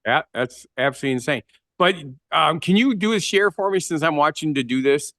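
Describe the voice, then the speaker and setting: Upbeat, lively, bright-voiced man co-host. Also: a little high, a little fast, no echo, studio quality. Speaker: podcast co-host. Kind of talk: casual chat on a video call. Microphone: video call.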